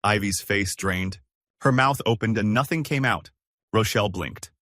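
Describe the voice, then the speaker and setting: Low-voiced man narrating stories, dry mic. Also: moderate pace, fairly bright tone, no echo. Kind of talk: scripted story narration.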